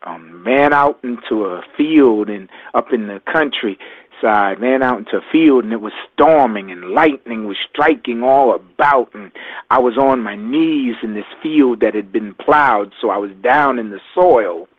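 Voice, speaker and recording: An older man, a guest, telling a personal story in a halting, reflective way. He often repeats his words. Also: medium pitch, no echo. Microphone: phone line. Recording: tinny phone line.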